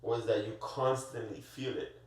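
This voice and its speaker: A man telling a story in casual podcast chat, animated and full of slang, stumbling over his words and restarting. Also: mid-range voice, measured pace, a loud crowd. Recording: roomy echo, far from the mic.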